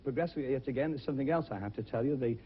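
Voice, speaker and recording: Jokey talent show host, worn tape. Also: male voice, medium pitch, rapid-fire, lo-fi sound, slight background noise. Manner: chatty, jokey, with fillers. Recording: worn 1970s VHS TV audio.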